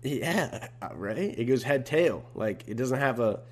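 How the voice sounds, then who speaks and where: A man's voice: mid-range voice, animated, a little slow. A young man hosting a casual solo podcast, talking in a laid-back, slangy way. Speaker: podcast host.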